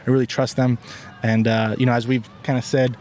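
A man's voice: medium pitch, little pitch movement, a little fast, a little mellow, a little hiss or hum. A man from Italy, a football kicker, giving upbeat, earnest interview answers with plenty of fillers.

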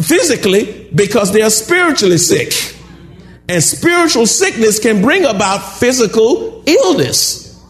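A man preaching a sermon, calling out questions to the congregation and building up to shouts. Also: high-pitched. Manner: call-and-response preaching, rising to shouts. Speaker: pastor.

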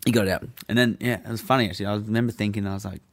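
Laid-back guy, low and gravelly. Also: fairly even intonation, rapid-fire. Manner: laid-back, swears often, laughs through his story. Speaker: guest telling a story. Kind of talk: casual storytelling chat.

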